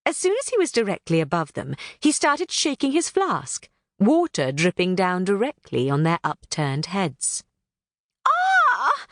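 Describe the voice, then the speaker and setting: Reading a scripted children's book in an animated storytelling manner, this woman narrator has a fairly low pitch and speaks at normal speed. The studio recording is clean, without any room sound.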